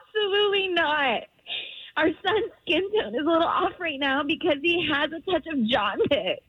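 A woman's voice: high voice, expressive, normal speed, dry recording, muffled recording. Tearful, pleading woman caller. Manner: emotional, pleading.

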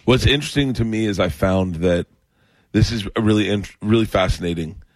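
A middle-aged man chatting and telling animated stories about his family, laughing often as he talks. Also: on the low side, normal speed, no room sound, studio quality. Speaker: comedian guest. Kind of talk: animated storytelling chat.

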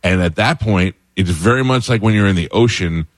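Deep-voiced man telling animated stories. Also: fairly quick, no room sound, studio quality. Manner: animated, jumps high in pitch when excited. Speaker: guest, former sports reporter. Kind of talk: casual storytelling chat.

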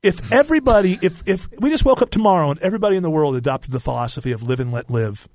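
A man's voice: fairly high pitch, animated, very fast, darkish tone. A man hosting a talk podcast, talking with passion and preaching his opinions with strong emphasis. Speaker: host.

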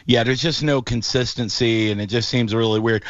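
A man hosting a casual sports talk show, telling stories with animated, mocking energy. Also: mid-range voice, normal speed, no echo, lo-fi sound. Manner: animated storyteller, mocking voices in quotes. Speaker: podcast host.

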